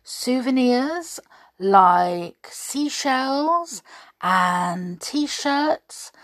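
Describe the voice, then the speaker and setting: A woman voicing an emphatic, lively female cartoon duck in a children's storybook reading. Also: high voice, very slow, dry recording, clean studio sound, voice pushed up, exaggerated voice. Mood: coaxing.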